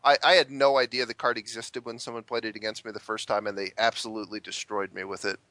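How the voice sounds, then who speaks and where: Low, bright-toned male podcast guest. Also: little pitch movement, no room sound. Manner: measured, with frequent hesitant restarts. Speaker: podcast guest, professional card player. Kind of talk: casual interview chat.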